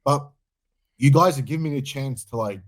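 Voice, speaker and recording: A man's voice: medium pitch, normal speed. A young man co-hosting a podcast, talking frankly and swearing casually. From Australia. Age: young adult. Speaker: podcast co-host.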